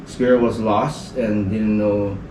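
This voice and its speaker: A podcast guest from the Northern Mariana Islands tells a story in a slow, fairly low voice with little pitch movement. The chat is casual, and he rambles with heavy use of "like" as filler. The sound is roomy from a distant mic, with noise in the background.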